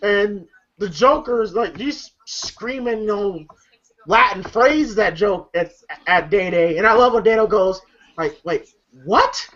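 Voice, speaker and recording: A man's voice: high voice, measured pace, a bit bright, highs cut off. A man casually recapping a comedy movie, rambling with lots of fillers and frequent laughter. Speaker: movie reviewer.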